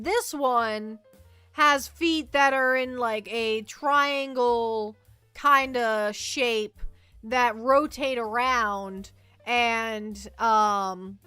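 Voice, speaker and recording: A woman streaming as a VTuber, chatting casually in a rambling, animated way and reacting to her chat. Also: sits high, smooth, no echo. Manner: rambling, animated storytelling, reads chat aloud.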